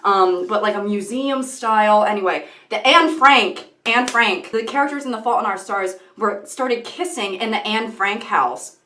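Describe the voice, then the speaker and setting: A woman's voice: mid-range voice, moderate pace, hardly any pauses, pushed and bright. A young woman vlogging in casual, rambling commentary, often breaking off into tangents and giggling. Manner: rambling, self-interrupting, giggly. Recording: echoey room.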